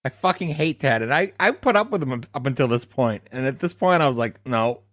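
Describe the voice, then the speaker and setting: A man chatting on a podcast with a very lively, swooping pitch, emphatic and quick to swear. His voice is dry and close to the mic. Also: dry recording. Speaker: podcast co-host. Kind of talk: casual chat.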